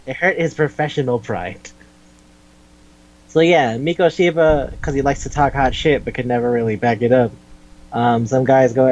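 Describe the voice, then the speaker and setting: A man chatting casually on a podcast, retelling scenes with swearing and quick impressions of the characters. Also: medium pitch, highs cut off. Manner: animated retelling with acted quotes, swears and laughs. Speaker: podcast host. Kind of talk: casual chat recapping an anime.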